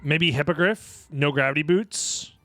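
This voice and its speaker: A young man casually commentating a live video game tournament in a rambling, jokey, excitable way. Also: a little high, measured pace, faint music behind.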